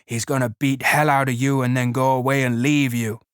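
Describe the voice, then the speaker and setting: A man's voice: medium pitch, flat delivery, normal speed, a bit bright, smooth, no echo, clean studio sound, close to an everyday voice. Man doing a sneering giant rabbit. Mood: scornful. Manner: sneering, contemptuous rural drawl. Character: scornful giant imaginary rabbit, male, mocking.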